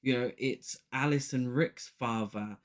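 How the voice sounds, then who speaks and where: A man's voice: medium pitch, a little slow. A man co-hosting a podcast, casually analysing a horror film with frequent laughs. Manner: giggly, opinionated, speeds up when arguing a point. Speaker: podcast co-host. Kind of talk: casual chat.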